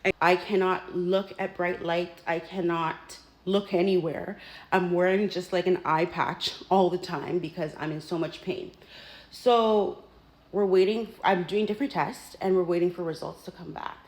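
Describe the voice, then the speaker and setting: A woman telling a personal story in a casual, animated way, acting out what others said to her. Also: fairly low pitch, moderate pace, poor audio.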